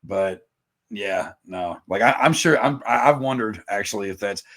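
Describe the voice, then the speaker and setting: A musician appearing as a podcast guest speaks in a low-ish, fairly bright voice at normal speed. His casual podcast chat is rambling, profane and self-mocking.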